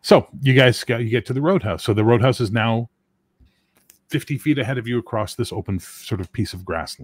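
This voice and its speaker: A man's voice: medium pitch, a little fast, no room sound. A man running a tabletop game as game master, narrating scenes loosely and correcting himself as he goes.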